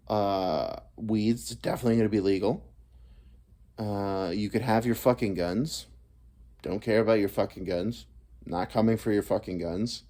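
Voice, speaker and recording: A US man in his thirties vlogs a profane, self-deprecating comic monologue that rambles from topic to topic. His voice is lowish and warm.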